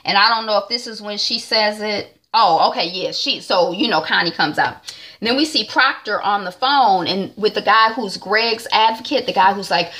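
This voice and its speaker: A woman's voice: mid-range voice, normal speed, bright, forceful tone. A woman recapping a TV episode in a chatty way, acting out the characters' lines. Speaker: TV recap vlogger.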